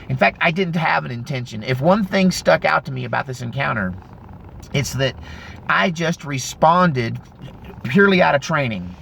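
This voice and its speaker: A gravelly-voiced man in his fifties tells a story, wandering off on side trails and correcting himself as he goes. His pitch sits in an ordinary middle range. A faint hum of background noise runs under his voice. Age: 50s. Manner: rambling, animated retelling with self-corrections. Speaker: vlogger. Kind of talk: casual storytelling.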